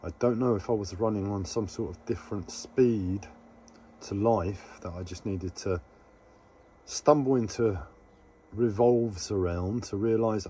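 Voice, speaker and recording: A man with a low, mellow, husky voice rambles through a casual live stream for his viewers. He meanders from thought to thought, halts mid-sentence and talks to himself. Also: unhurried.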